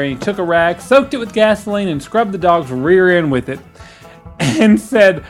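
A co-host of a comedy show, telling jokes playfully, with a lively voice that rises and falls and frequent laughter. Faint music sits behind the talk. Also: medium pitch, moderate pace. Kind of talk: casual comedy banter, joke telling.

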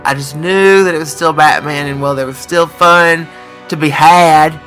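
A man in his thirties co-hosting a comedic podcast, speaking with a mock-earnest, drawn-out comic delivery. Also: a little high, steady tone, fairly bright tone, faint music behind. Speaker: podcast co-host.

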